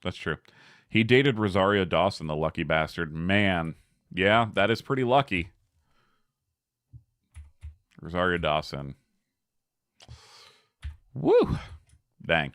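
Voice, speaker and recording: A man's voice: sits low, expressive, moderate pace, a bit bright, clear, resonant tone, no room sound, clean studio sound. A man giving casual gameplay commentary as a streamer, chatty, laughing often and talking back to his chat.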